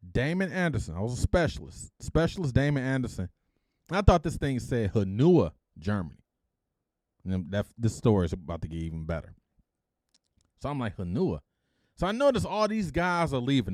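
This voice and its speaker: A middle-aged man from Detroit hosts his own podcast, telling his life story in a loose, casual way. His voice sits at a middle pitch, and he acts out the dialogue with a lot of animation, peppering it with "freaking". The recording is dry, with no room echo. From Detroit, United States.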